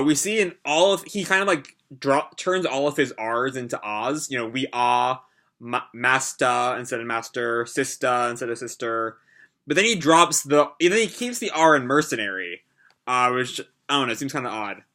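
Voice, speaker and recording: A man hosting a manga reaction, reading chapters aloud and pausing to comment with hesitant, reflective asides. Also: medium pitch, sharp tone. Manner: hesitant, lots of fillers and restarts, reflective.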